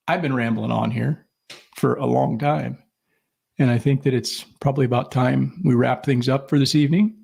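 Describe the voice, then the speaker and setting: A man's voice: mid-range voice, gravelly, darkish tone, breathy edge. A middle-aged man co-hosting a podcast, rambling through casual stories with lots of swearing and acted-out quotes. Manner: rambling storyteller, profane, acts out quoted people. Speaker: podcast co-host. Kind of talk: casual chat.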